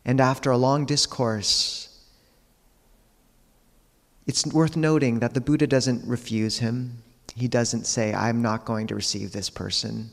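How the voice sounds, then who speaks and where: Gravelly low-voiced monk in a hall. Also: male voice. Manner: calm, measured storytelling with quiet pauses. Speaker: Buddhist monk teacher. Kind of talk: dharma talk.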